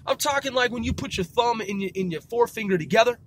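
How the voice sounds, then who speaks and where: Husky-voiced man telling rambling stories. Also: very high-pitched, fast. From Seattle. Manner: profane, rambling, animated. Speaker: podcast host. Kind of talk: casual storytelling.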